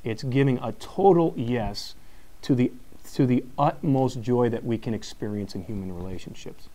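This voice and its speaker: A man, a high school teacher, giving a live conference talk, telling a story and acting out each exchange with frequent laughs. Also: normal speed. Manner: animated storyteller, acts out quotes, laughs often.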